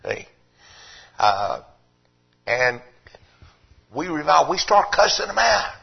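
An older man with a drawl delivers a sermon in a husky, somewhat high voice. His preaching moves between quiet, low asides and loud, emphatic declarations. The church recording sounds dull and lo-fi. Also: sing-song, takes it slowly.

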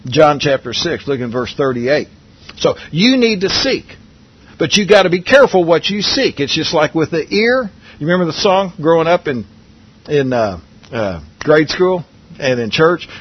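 A man's voice: fairly high pitch, sing-song, moderate pace, husky, dull audio. A man preaching a Bible lesson in a conversational way, asking his listeners questions and often restarting his sentences. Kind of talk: Bible teaching sermon.

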